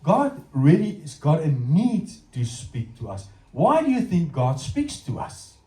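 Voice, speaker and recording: A middle-aged man with a South African accent preaches a sermon, telling stories and talking straight to his congregation. His voice is a touch high and swoops up and down with lively energy. He sounds far from the mic in a roomy, echoing church hall. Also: a little slow. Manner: animated storytelling, addressing the congregation directly.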